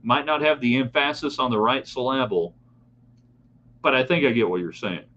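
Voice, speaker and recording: A middle-aged man hosting a live sports talk broadcast, opinionated and animated as he reads listener comments and talks straight to his audience. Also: medium pitch, normal speed, lo-fi sound. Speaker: sports talk show host.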